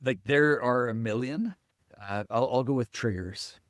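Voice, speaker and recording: A man being interviewed as a guest leader, telling a workplace story in a halting, conversational way with frequent restarts. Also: mid-range voice, no echo, studio quality. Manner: halting, with many restarts and soft asides. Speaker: guest, company chief executive.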